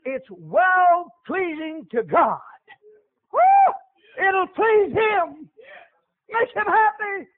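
A man preaching a sermon, calling out to the congregation with animated back-and-forth questions. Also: very high voice, slow pace. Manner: animated call-and-response preaching. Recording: tinny lo-fi radio broadcast.

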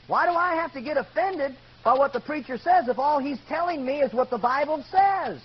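High-voiced, emphatic preacher man. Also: animated, a little fast, hardly any pauses. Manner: emphatic, calls for amens, swings from loud to hushed. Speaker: pastor. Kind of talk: sermon. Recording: dull lo-fi recording with faint hum.

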